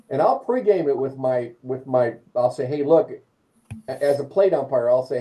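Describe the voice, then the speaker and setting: Dark-voiced man teaching umpire mechanics. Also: medium pitch, moderate pace, poor audio. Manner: animated, acts out calls and quotes; repeats and restarts phrases. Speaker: umpire clinic instructor. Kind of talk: live online training session.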